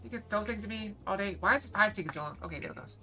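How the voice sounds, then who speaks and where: A woman chatting quickly and playfully to her live-stream viewers while gaming, sometimes reading game lines aloud. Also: medium pitch, expressive, bright, forceful tone, faint music behind. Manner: fast-talking, bubbly, apologizes for talking too fast; reads game dialogue aloud.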